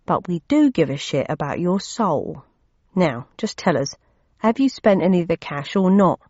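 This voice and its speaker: A woman voicing a strong man who speaks quietly and firmly. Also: fairly low pitch, big pitch swings, normal speed, dry recording. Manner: quiet and firm. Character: strong, calm man on a mission. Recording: dull lo-fi audio.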